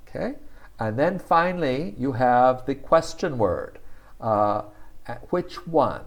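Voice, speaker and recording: A man giving a casual spoken language lesson, thinking aloud with frequent fillers and repeating words slowly for practice. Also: medium pitch, very animated. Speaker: language teacher.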